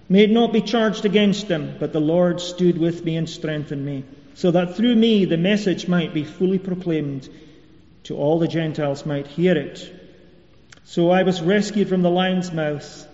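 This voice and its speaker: A man's voice: high-pitched, warm tone. A man preaching a sermon, earnest and repeating key phrases for emphasis. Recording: echoey hall, dull lo-fi sound.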